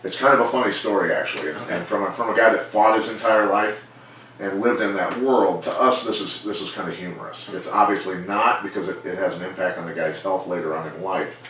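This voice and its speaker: A middle-aged man, a former fighter turned coach, telling stories in a measured, plainspoken way during an interview. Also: sits low, a little hiss or hum. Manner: measured, plainspoken, animated when quoting others. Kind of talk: casual storytelling interview. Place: gym. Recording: echoey room, mic far off.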